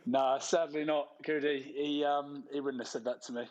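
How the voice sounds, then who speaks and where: A man from England tells laddish club stories at a live event, his voice sitting a little high. He swears freely and keeps it cheeky. The sound is a bit dull and lo-fi. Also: fairly even intonation, normal speed, a little mellow. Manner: laddish storytelling with swearing and laughs. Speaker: guest. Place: clubhouse before a live audience.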